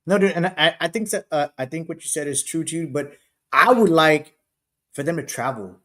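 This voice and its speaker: Chill golf podcast cohost, kinda high voice, bro and dude every other word. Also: male voice, animated, normal speed, sharp tone. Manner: laid-back, says bro and dude a lot. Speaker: podcast co-host. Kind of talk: casual podcast chat. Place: podcast studio.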